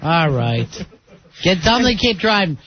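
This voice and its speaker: A man's voice: a little high, very animated, moderate pace. A man hosting a radio show, bantering casually with callers in a teasing way. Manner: teasing, calls people buddy and honey. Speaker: radio host. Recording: muffled radio broadcast audio with faint noise.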